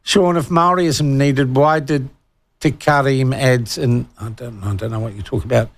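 Blunt New Zealand talk radio host. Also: male voice, mid-range voice, fairly even intonation, normal speed, dry recording. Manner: blunt, sarcastic, reads out listener texts. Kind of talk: opinionated talkback radio.

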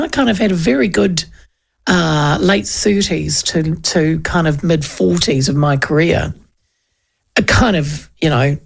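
A woman in her fifties with a New Zealand accent, hosting a radio show and chatting casually with quick, storytelling asides. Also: on the low side, gravelly, slightly rough. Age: 50s. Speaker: radio host. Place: radio studio, on camera with headphones.

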